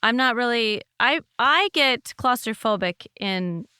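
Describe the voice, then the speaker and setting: A woman's voice: on the high side, expressive, measured pace, bright, forceful tone, smooth, no room sound, studio quality. A woman in her forties hosting a podcast, chatting frankly and easily. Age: 40s. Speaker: podcast host. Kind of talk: casual podcast chat.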